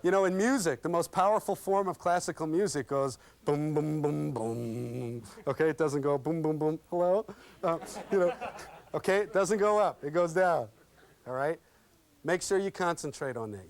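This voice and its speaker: A man leading an interview skills workshop, talking in a lively, interactive way and acting out examples with his audience. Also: a little high, a little fast. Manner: lively and interactive, checks in with "okay?" constantly; folksy and animated, acts out examples. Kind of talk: live workshop talk with role-play demonstrations.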